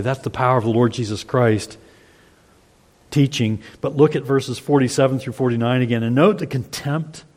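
A man preaching an expository sermon, earnest and emphatic, reading scripture aloud and explaining it to the congregation. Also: medium pitch. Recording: long hall reverb.

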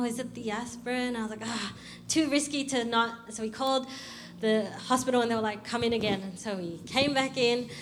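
A young woman youth pastor, sharing a candid personal testimony in a sermon and laughing at her own struggles. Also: a little high. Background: music.

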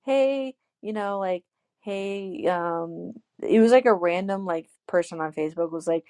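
Brief: twenties woman, low-ish creaky voice, dry close sound, animated storyteller. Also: moderate pace, no room sound. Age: 20s. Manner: animated storyteller, acts out quotes, many "like"s. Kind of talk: casual chat, telling a personal story.

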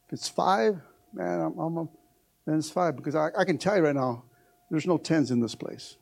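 A middle-aged male pastor preaching a sermon to his church, swinging from shouted exhortation to a quiet, close tone. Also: on the high side, normal speed, gravelly. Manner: preaching with rising shouts, then dropping to a hushed, intimate tone. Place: church sanctuary.

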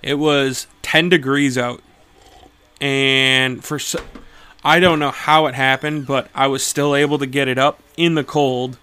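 A man's voice: medium pitch, fairly even intonation, measured pace, pushed and bright, clean tone. A man co-hosting a podcast, telling crude stories in a rambling, profane, casual way. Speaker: podcast co-host. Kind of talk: casual chat.

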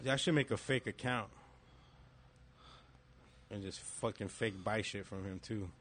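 A man's voice: on the low side, unhurried, fairly bright tone. A man in his thirties telling a profane story in casual chat, acting out the messages he quotes.

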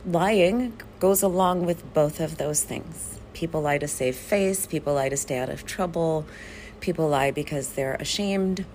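A woman hosting a wellness podcast as a therapist and coach, talking in an effusive, animated storytelling way. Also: deep voice, slight background noise. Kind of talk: podcast monologue.

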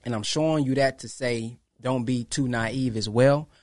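A man's voice: medium pitch, moderate pace, darkish tone, dry recording, clean studio sound. A man hosting his own podcast, speaking in an emphatic, preachy way, repeating phrases and acting out quoted exchanges. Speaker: podcast host. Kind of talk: casual monologue to followers.

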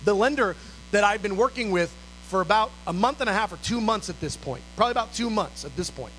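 High, bright-voiced man preaching a story. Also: quick pace, a little hiss or hum, poor audio. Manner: animated, acts out dialogue and sometimes shouts. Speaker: pastor. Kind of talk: storytelling sermon.

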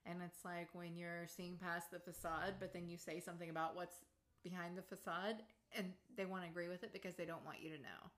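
A woman's voice: fairly low pitch, level tone, brisk, fairly bright tone. A woman co-hosting a podcast, chatting in a reflective, agreeable way. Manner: reflective, agreeable, finishes others' sentences. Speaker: podcast co-host. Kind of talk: casual chat.

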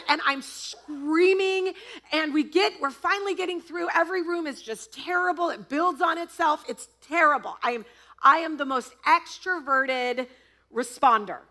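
A woman pastor preaching a sermon, telling a story in an animated, laughing, dramatic way. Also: high voice. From United States.

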